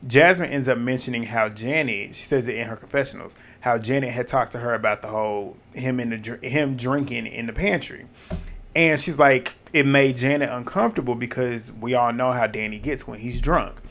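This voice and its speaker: A man giving casual reality TV recap commentary in an animated, blunt way, swearing and laughing at what happened. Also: mid-range voice, normal speed.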